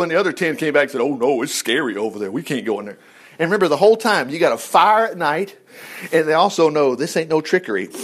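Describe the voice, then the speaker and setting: A man with a drawl talks through scripture in a folksy, animated way. His voice sits high and swings widely as he acts out what the people in the story say. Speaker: Bible teacher. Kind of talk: folksy Bible study teaching.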